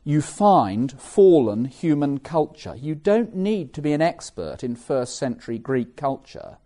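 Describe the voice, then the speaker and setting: English guy preaching, middle-aged, warm mellow tone, chatty and lively with little self-mocking jokes. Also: a little high, unhurried. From England. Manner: animated, conversational, with self-mocking asides. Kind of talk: sermon.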